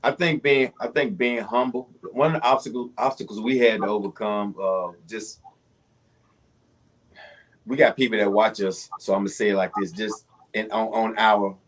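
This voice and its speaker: A man appears as a guest on a casual chat. His voice is slightly low, and he speaks reflectively, often halting and restarting as he shares advice. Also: fairly even intonation.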